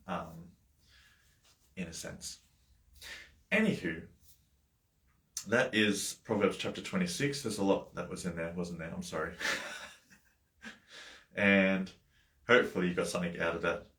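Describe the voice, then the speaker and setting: A man with a deep, low voice talks through a Bible chapter on a livestream, drifting into coaching asides. He speaks casually, full of fillers and small self-corrections. The sound is roomy, with a noticeable echo. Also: a bit bright. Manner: loose and conversational, with many fillers, asides and small laughs. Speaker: life coach hosting a Bible study livestream.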